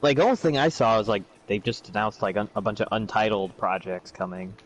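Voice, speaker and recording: A man's voice: fairly low pitch, fairly quick, rough recording. A man co-hosting a casual livestream chat, teasing his friends and laughing as he talks.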